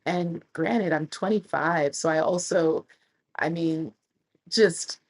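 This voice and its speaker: Husky, low-voiced woman telling stories. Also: slow pace, poor audio. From United States. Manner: animated, chatty storyteller who laughs and acts out quotes. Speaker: travel content creator. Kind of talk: casual storytelling to camera.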